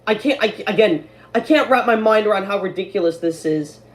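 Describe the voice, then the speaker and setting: A woman's voice: medium pitch, expressive, a little fast. A woman streaming at home, ranting angrily about her own delayed series, swearing often and stumbling over restarts. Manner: profane, exasperated, stammering restarts. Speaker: creator of an online animated series, streaming. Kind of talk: angry live-stream rant.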